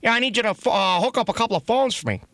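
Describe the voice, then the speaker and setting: A man's voice: high voice, lively intonation, rapid-fire, a bit bright. A man making a prank phone call, talking crudely and rambling, full of profanity and chuckles. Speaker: prank caller.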